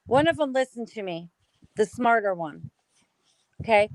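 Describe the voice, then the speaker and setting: A woman's voice: a little high, animated, measured pace, dry recording, low-quality recording. Profane, angry American woman ranting. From United States. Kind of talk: heated casual talk.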